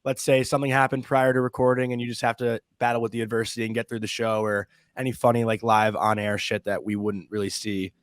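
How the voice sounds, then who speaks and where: A man's voice: mid-range voice, level tone, quick pace, few pauses, no echo. A man co-hosting a sports podcast, asking loose, casual questions with lots of fillers. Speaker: podcast co-host.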